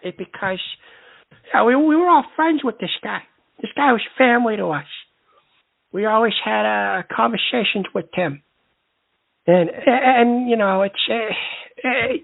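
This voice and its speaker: A man's voice: sits high, creaky. A male host of a call-in advice show, combative and rambling, trading insults with callers. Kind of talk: call-in radio show hosting. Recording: lo-fi phone-like line.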